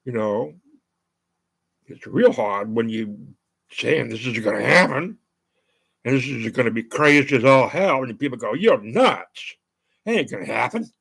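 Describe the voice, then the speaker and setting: A man's voice: medium pitch, measured pace, gravelly, pauses often, a bit bright, breathy edge. An older American man hosting his own show, talking in a rambling monologue full of fillers and restarts. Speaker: show host.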